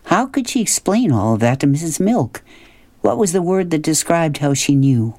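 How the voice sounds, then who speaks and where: A man narrating a children's storybook, gentle and expressive. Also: fairly high pitch, normal speed, no echo. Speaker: audiobook narrator.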